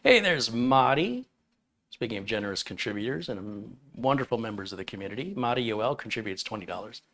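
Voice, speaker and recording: A man's voice: lowish voice, quick pace, a bit bright. Chatty man hosting a tech livestream. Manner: folksy, chatty, chuckles mid-sentence. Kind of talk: live Q&A with viewers.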